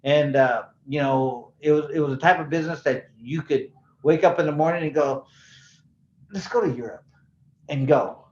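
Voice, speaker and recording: A man's voice: on the high side, moderate pace, slight background noise. A man in his sixties, a former boxing champion, telling stories in a casual interview and acting out the dialogue with slang. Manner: animated storyteller who acts out dialogue, with slang and swearing. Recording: roomy, slightly dull sound.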